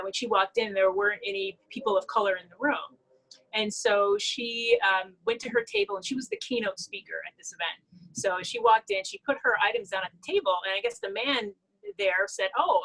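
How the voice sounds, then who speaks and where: A woman's voice: mid-range voice, fairly bright tone, low-quality recording. A woman hosting a conversation on a video call, affirming the guest and then telling an anecdote. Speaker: host. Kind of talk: conversational discussion.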